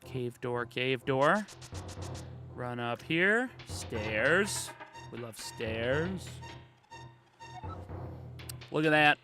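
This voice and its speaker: A man's voice: medium pitch, animated, extremely slow, long pauses, over music. A man streaming a video game, joking casually and talking to his chat as he plays. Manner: chatty, jokey, talking to chat. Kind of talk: casual gameplay commentary.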